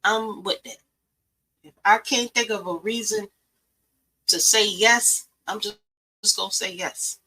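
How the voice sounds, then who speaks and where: Blunt, bright-voiced woman lecturing listeners. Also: mid-range voice, unhurried, pauses often, breathy edge, low-quality recording. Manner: blunt, profane, emphatic. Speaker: podcast host. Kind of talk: preachy motivational talk.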